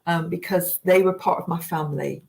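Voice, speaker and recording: A woman's voice: lowish voice, steady tone, normal speed, creaky, darkish tone. A woman, a spiritualist medium, chatting casually and telling stories full of fillers. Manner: chatty storyteller with frequent fillers. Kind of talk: casual chat.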